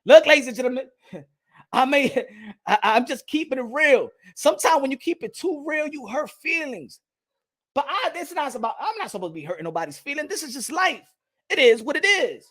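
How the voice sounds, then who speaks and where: Boxing vlog host, man with a high pitched voice, heated profane rant with shouty bursts. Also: big pitch swings, brisk. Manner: repeats phrases, laughs at own points. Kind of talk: casual boxing commentary vlog.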